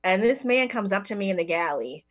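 A woman's voice: medium pitch, animated, brisk, dry recording, muffled recording. A woman guest on a podcast, candidly telling a personal recovery story and often laughing as she talks.

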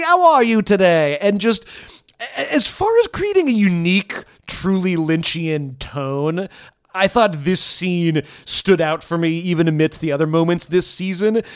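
A man co-hosting a podcast, describing a TV scene in a rambling way with chuckles and restarts. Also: on the high side. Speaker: podcast co-host. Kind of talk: casual podcast discussion.

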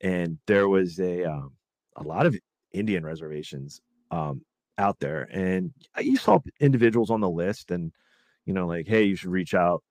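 A man's voice: deep voice, lively intonation, normal speed, darkish tone, no room sound. A man hosting a podcast, rambling casually with lots of fillers and swearing. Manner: rambling, profane, many fillers. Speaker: podcast host.

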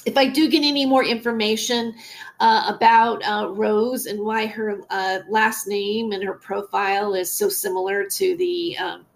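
A woman hosting a podcast, talking casually and hesitantly with many pauses and fillers. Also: medium pitch, steady tone, creaky. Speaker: podcast host. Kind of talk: casual commentary.

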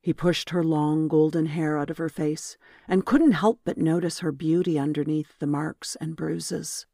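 Brief: audiobook narrator, mid-pitch, very dry close sound, even storytelling. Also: a little slow, gravelly, no room sound. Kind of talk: scripted narration.

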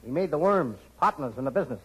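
High, excitable comedian in 1940s radio. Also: male voice, quick pace, breathy edge, low-quality recording. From United States. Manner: excitable, childlike, punning.

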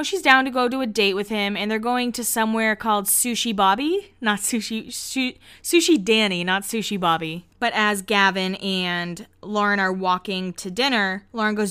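Host, female, mid pitch, smooth and clear, chatty recap full of 'like'. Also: a little fast, a bit bright. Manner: chatty, heavy use of 'like', laughs often. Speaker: podcast host. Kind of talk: casual episode recap.

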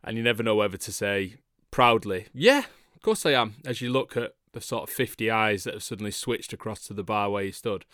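A man's voice: lowish voice, steady tone, fairly quick, fairly bright tone, no echo, clean studio sound. A man hosting a football podcast in casual chat, teasing his guests jovially and steering the conversation. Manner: teasing, jovial, leads the talk. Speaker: podcast host.

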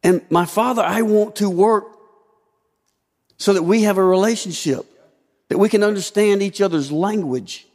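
A man's voice: high voice, normal speed, long pauses, darkish tone. A man preaching a sermon as pastor, asking rhetorical questions and shifting his emphasis often. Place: church sanctuary. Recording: long hall reverb.

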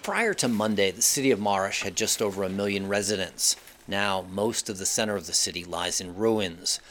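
Somber low-voiced male field reporter. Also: lively intonation, a bit bright, slight background noise. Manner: measured, somber narration. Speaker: foreign correspondent. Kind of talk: scripted news report from the field.

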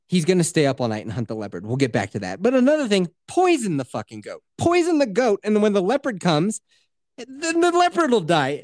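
A man's voice: sits high, no room sound, studio quality. A man hosting a podcast, retelling a movie in a casual, profane way and slipping into voices. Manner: animated, profane, slips into voices. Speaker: podcast host. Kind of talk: casual movie recap chat.

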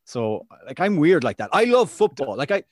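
A male sports podcast co-host swaps lively, chatty anecdotes in a casual conversation. His voice is fairly high and his pace normal, captured in studio quality with no echo.

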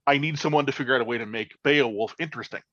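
A man's voice: medium pitch, very fast, fairly bright tone, dry recording, muffled recording. A man co-hosting a casual podcast chat, talking enthusiastically and profanely, with frequent fillers and restarts. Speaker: podcast co-host.

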